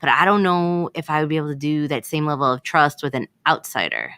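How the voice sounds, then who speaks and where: A woman's voice: sits low, fast, sharp tone, clean tone. A woman co-hosting a casual radio talk show, chatting loosely with frequent "like" and "you know". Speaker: radio co-host.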